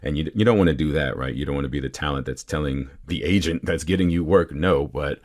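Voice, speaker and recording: A man's voice: very deep voice, fast. A man talking as a guest voice actor in a casual podcast interview, chatty and self-deprecating, with many fillers.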